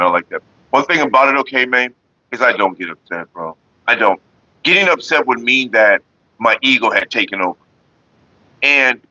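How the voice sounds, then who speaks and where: A man's voice: mid-range voice, no room sound. A man hosting a casual vlog from Northern California, answering viewers in a laid-back, rambling, profane way. The sound is a dull lo-fi recording. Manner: laid-back, profane, talks about staying calm.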